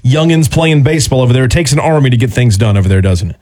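A man's voice: medium pitch, expressive, fast talker, darkish tone. Man, radio host, upbeat banter, jokey. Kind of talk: casual radio talk.

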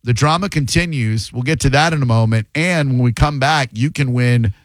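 A man hosts a call-in radio show, trading quick jokes with his callers. His voice sits at an ordinary pitch. It is recorded dry and close at a studio microphone. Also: dry recording. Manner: joking, quick banter with callers. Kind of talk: casual call-in radio chat.

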